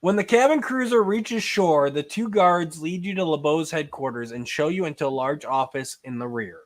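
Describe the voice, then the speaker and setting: A man's voice: fairly high pitch, moderate pace. A man hosting a podcast, casually reading a choose-your-own-adventure book aloud. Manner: casual, laughs between lines. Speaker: podcast host.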